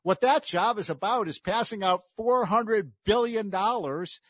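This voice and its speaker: A man's voice: sits high, measured pace, no room sound. A man hosting a talk show, delivering a combative, mocking political monologue and chuckling as he talks.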